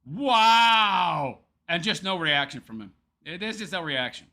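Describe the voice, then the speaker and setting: A man with a high, very lively voice and a sharp, bright tone. He comments on a clip in a sarcastic, taunting way and laughs often. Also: slow, vocal fry. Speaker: show host. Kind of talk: mocking commentary over a clip.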